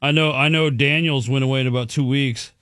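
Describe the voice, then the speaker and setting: A man's voice: mid-range voice, fairly even intonation, brisk, fairly bright tone, no room sound, clean studio sound. A man co-hosting a radio show, making offhand, laid-back remarks in casual banter. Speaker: radio co-host.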